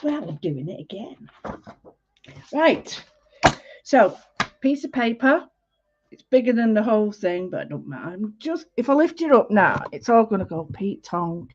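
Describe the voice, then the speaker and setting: A woman's voice: mid-range voice, very animated, measured pace, long pauses, muffled recording, noisy background. A woman, hosting a casual livestream art lesson, chatty and full of greetings, often interrupting herself. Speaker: art class host.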